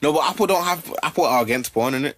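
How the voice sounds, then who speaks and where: A man's voice: fairly high pitch, expressive, fast talker, fairly bright tone, no room sound, studio quality. A man hosting a podcast, joking and hyping in casual banter. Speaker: podcast host.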